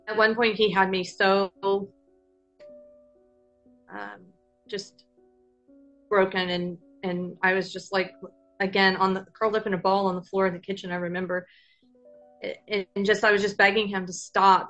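Guest woman recounting a hard memory, hesitant and restarting, slightly dull audio with soft music behind. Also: fairly low pitch, little pitch movement. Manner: halting, many fillers and restarts. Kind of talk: personal storytelling.

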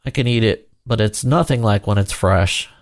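A man's voice: lowish voice, moderate pace, no room sound, clean studio sound, natural voice. A man voicing a sad, proud male lion in a storybook, speaking in a tired, blunt way. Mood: weary.

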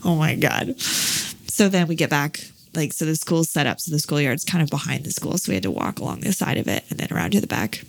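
A woman in her thirties with a lowish voice and a gravelly edge, talking casually. She tells a long personal story about her child, with plenty of fillers along the way. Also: lively intonation, fast, few pauses. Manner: chatty storytelling, many fillers. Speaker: parent. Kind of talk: casual chat.

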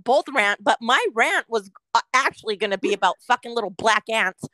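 A woman from California rants her way through a casual podcast chat, swearing constantly and quoting her own exasperated reactions. Her voice is bright and a little high. The sound is dry and close, with no room around it. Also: fairly quick, no room sound. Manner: ranting, heavy swearing, quotes herself. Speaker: podcast co-host.

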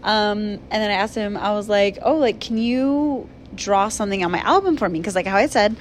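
A woman's voice: medium pitch, a little hiss or hum. A young woman casually telling a personal story to her viewers, chatty and full of fillers. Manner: chatty, filler-heavy, animated retelling. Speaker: vlogger.

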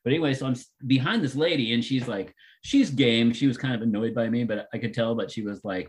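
A man in casual chat, telling rambling stories and getting animated and laughing as he goes. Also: medium pitch, quick pace, hardly any pauses.

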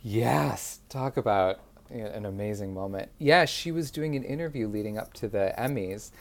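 A young man chatting as a guest in an interview, an animated storyteller. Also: moderate pace, creaky. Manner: animated storyteller, jumps into high put-on voices when quoting. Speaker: guest, comedic impressionist. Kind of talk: casual interview chat.

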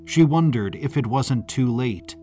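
A man reading a historical story as scripted narration, in a measured, deliberate way. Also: mid-range voice, expressive, dark tone, faint music behind.

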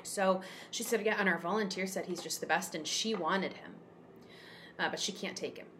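Woman guest, slightly low voice, emotional storyteller, faint background hum. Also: moderate pace. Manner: emotional, expressive, lots of fillers. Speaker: podcast guest, cat rescuer. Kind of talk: conversational storytelling.

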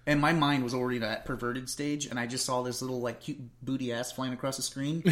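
A man's voice: medium pitch, steady tone, fast, hardly any pauses, a bit bright. A man in casual conversation, talking animatedly and slipping into mocking voices when he retells stories. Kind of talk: casual chat.

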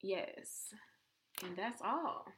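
A woman's voice: medium pitch, very slow, slight background noise. A woman co-hosting a podcast, chatting casually about faith and acting out quotes with lots of energy. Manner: animated, conversational, acts out quotes. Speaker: podcast co-host.

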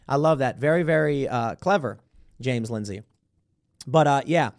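A man's voice: a little high, lively intonation, a little slow, a bit bright. A man hosting a political talk show, giving sarcastic, rambling opinion commentary. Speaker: political podcast host.

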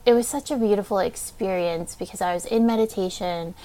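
A woman's voice: mid-range voice, a little fast, mellow. A young woman hosting a podcast, telling a personal story in a casual, candid way. She says "like" often, swears freely and speaks with open emotion. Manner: casual, heavy use of "like", frequent swearing; candid and heartfelt, openly emotional. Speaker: podcast host.

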